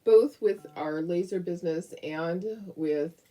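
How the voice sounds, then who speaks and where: A woman's voice: on the low side, takes it slowly, warm tone. A woman hosting a craft live stream, chatting casually, rambling with lots of fillers and frequent laughs. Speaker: craft show host.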